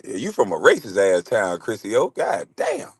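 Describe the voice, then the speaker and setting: A man's voice: on the low side, wildly swooping pitch, normal speed, slightly rough, no echo. A man, hosting a casual livestream and bantering loosely with chat, swearing and laughing. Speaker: livestream host.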